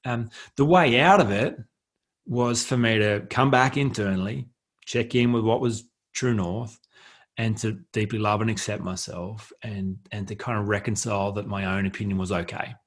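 A man with a husky, somewhat low voice hosts a solo self-help podcast. He speaks earnestly and reflectively, and he often repeats key phrases to drive a point home. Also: moderate pace. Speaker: podcast host.

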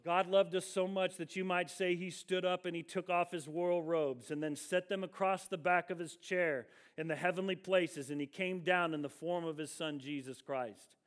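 Guy with a high voice preaching, emphatic, drags out the big words. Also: steady tone, moderate pace, hardly any pauses. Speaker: pastor. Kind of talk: sermon.

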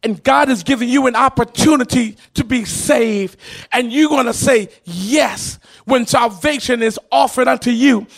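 A man preaching a sermon in a chanting, repetitive cadence, often rising into shouts and sing-song. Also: extremely high pitch, unhurried. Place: church.

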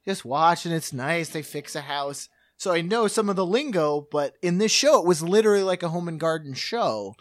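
Man, high voice, podcast co-host, eager storyteller, dry close mic. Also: expressive, moderate pace, hardly any pauses, no echo. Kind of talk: casual chat.

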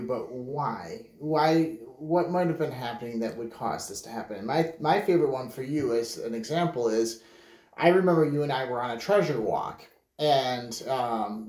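A man hosting a casual family chat, telling a reflective story with gentle emphasis. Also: medium pitch. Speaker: podcast host. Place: home room with family. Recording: roomy echo.

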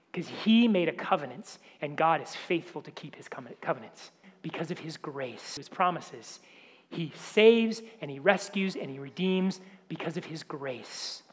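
A male pastor with a high voice delivers an emphatic sermon, often dropping to a hushed near-whisper to press a point. The long reverb of a large hall rings around his words.

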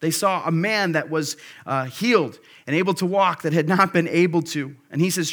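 Man in his thirties, pastor giving a sermon; fairly high, keen tone, relaxed talk with excited flashes. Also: normal speed. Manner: conversational and earnest, with bursts of excitement.

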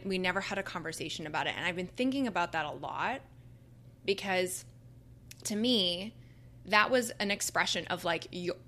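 A young woman speaks with earnest intensity, stumbling over restarts and fillers. Her voice sits fairly low yet has a bright, forceful edge. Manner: earnest, animated, halting with many likes. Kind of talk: casual conversation.

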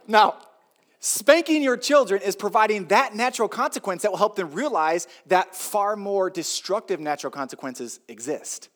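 A man's voice: high voice, expressive, normal speed, fairly bright tone. Pastor, middle-aged man, chatty sermon, swoops up and down a lot, punchy repeats. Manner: conversational and joking, with emphatic repetition.

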